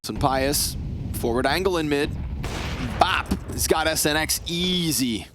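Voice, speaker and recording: A man's voice: a little high, background noise. Sick-voiced male esports caster. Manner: fast, excitable, jokey. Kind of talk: play-by-play commentary.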